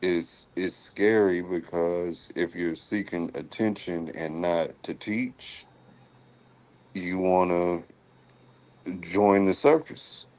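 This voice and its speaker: Man, very deep voice, slow measured talk, casual panel guest. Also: a little mellow.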